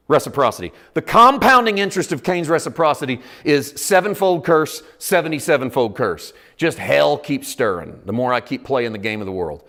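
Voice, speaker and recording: A man preaching a sermon as pastor, dropping to hushed asides, rising to loud emphatic points, and acting out quoted voices. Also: fairly high pitch. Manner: acts out quoted voices in dialogue.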